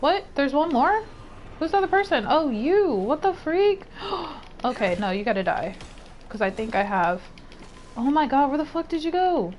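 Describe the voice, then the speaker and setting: A woman's voice: high-pitched, normal speed, pauses often, a little hiss or hum. A young woman streaming a game, chatting casually, exclaiming and rambling as she plays. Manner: excitable, exclaims and rambles while gaming. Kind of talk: casual gameplay chat.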